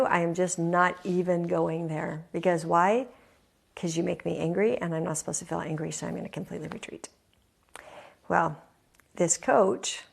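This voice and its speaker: A woman speaking as host of her own talk, earnest and confiding, leaning on repeated phrases for emphasis. Her voice sits a little low with a gravelly edge. She tells the story candidly and openly. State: emotional, near tears at times.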